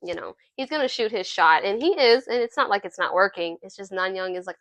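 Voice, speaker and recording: A young adult woman reviewing a film in casual chat, animated and chatty, often laughing as she retells scenes. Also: medium pitch, fairly quick, hardly any pauses, dry recording. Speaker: movie reviewer.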